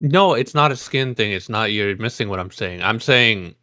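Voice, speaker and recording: A man's voice: fairly low pitch, lively intonation, normal speed, bright, forceful tone, no room sound, clean studio sound. A man co-hosting a casual podcast, speaking bluntly and offhandedly and often breaking into laughs.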